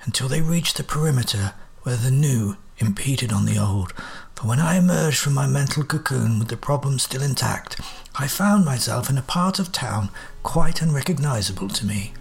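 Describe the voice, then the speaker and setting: A cool, sardonic detective with dry, clipped Victorian phrasing, as a man performs him in an audio drama. The voice is mid-pitched with a gravelly edge and steady delivery. He narrates his own adventures in measured, precise sentences. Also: heavily acted.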